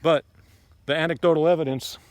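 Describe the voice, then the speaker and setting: A man with a fairly high, steady voice speaks fairly quickly, recorded dry, as he gives an outdoor tour of his garden for his homesteading vlog. The tour is loose and rambling; he's opinionated and blunt, sprinkling in ums and asides.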